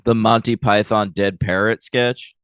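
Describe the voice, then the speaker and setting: A man co-hosting a podcast in relaxed casual chat, explaining things and laughing often. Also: lowish voice, unhurried, clear, resonant tone, no room sound, studio quality. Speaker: podcast co-host.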